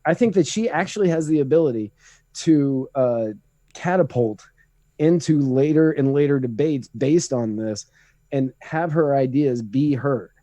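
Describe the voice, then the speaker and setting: A man's voice: medium pitch, measured pace, warm tone, no room sound. A man co-hosting a podcast, giving opinionated, rambling political takes in casual chat. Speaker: podcast co-host.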